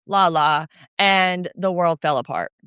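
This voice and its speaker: A woman co-hosting a casual pop culture recap podcast, snarky and animated. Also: lowish voice, measured pace, clear, resonant tone, no echo, clean studio sound. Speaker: podcast co-host.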